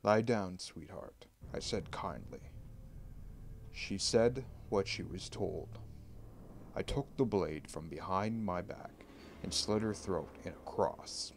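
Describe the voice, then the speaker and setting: A man reading a creepy horror story aloud in a slow, hushed, deliberate way. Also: sits low, lively intonation, a little hiss or hum. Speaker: creepypasta narrator. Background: faint background music.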